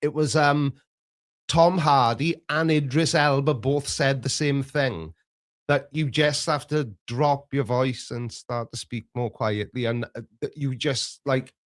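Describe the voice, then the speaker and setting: A man's voice: mid-range voice, fairly even intonation, unhurried. A man with a Welsh accent chatting casually as a streamer co-host, laughing often and restarting his sentences. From Wales. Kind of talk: casual chat.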